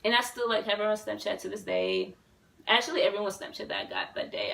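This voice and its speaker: Twenties girl vlogging, rambly and hyped, lots of like and swearing, kinda gravelly, sits back from the mic. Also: mid-range voice, fast talker, distant mic, rough recording. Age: 20s. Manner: rambling and excitable, full of fillers and swearing. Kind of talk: casual storytelling to camera.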